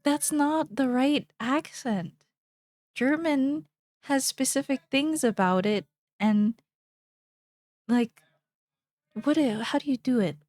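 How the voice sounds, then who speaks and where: A woman's voice: high voice, takes it slowly, long pauses, a little mellow, dry recording. A young woman streamer chatting casually while she draws, rambling playfully and thinking aloud.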